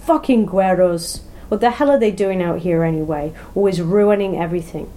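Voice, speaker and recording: A woman's voice: on the low side, brisk, dark tone, lightly acted. A woman voicing a hot-tempered adult male criminal who snaps and swears in a storybook reading. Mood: angry. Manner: swearing, snapping and demanding.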